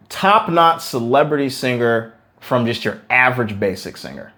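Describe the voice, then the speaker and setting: An emphatic male vocal coach explains singing technique straight to his students. He leans on repeated words for stress. Now and then he drops into a quick sung demonstration before going back to talking. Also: mid-range voice, lively intonation, a bit bright. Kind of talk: singing lesson to camera.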